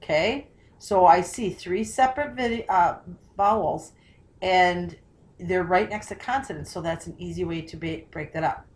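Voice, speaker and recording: A woman teacher talks students through a spelling tutorial. She sounds out words slowly and carefully, breaking them into parts. She often stops to ask questions and check that they follow. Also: lowish voice.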